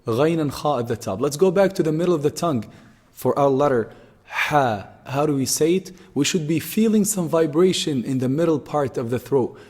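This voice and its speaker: A man's voice: medium pitch, a little mellow, slightly rough, big-room sound. A man teaching how to pronounce letters, patiently repeating each sound several times as he explains it. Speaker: Quran teacher. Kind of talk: pronunciation lesson.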